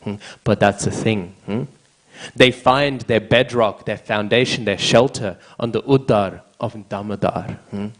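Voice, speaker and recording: A man speaks in a fairly low voice as he leads a devotional scripture class. He tags a questioning "hmm?" onto nearly every phrase to keep his listeners with him. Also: unhurried, low-quality recording.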